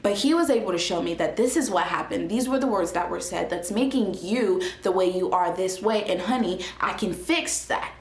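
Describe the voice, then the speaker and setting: A young woman shares a personal faith testimony in a casual, animated way, often restarting her sentences. Her voice sits at a middle pitch. The room around her adds a noticeable echo. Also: fairly quick, few pauses. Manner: earnest and animated, with frequent fillers and restarts. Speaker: vlogger sharing a faith testimony. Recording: roomy echo.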